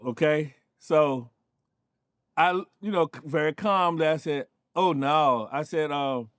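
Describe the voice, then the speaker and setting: A man in his fifties from North Carolina tells a story in a relaxed, chatty way, full of asides to the listener. His voice sits high. The recording is close and dry. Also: measured pace, clear, resonant tone, no room sound. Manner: loose, conversational, with frequent asides. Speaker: show host and storyteller. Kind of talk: casual personal storytelling.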